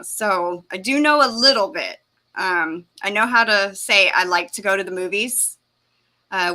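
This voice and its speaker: A woman hosts a casual live-stream chat, with a bright, forceful voice. She chats in a halting way, full of fillers and small laughs. Her pitch sits in a middle range. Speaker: host.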